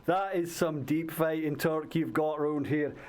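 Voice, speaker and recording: A man's voice: fairly high pitch, steady tone, unhurried, darkish tone, lightly acted. A man doing a sweary, menacing Scotsman. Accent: Scottish. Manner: belligerent, sweary, threatening. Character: aggressive foul-mouthed Scottish man caller. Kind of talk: improvised comedy sketch.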